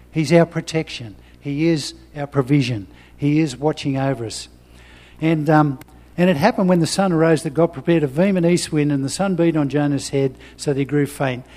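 A man's voice: a little high, normal speed, mellow, in a large hall. A man preaching a sermon, reading scripture and talking personally in a conversational way with frequent restarts.

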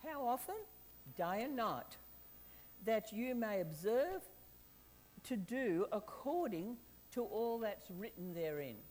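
A woman preaching a sermon, lively and chatty, often asking the audience questions and laughing. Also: mid-range voice, slow pace, pauses often, low-quality recording.

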